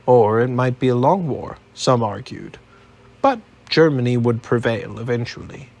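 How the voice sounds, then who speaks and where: A man narrating an audiobook in a steady, even storytelling manner. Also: mid-range voice, measured pace.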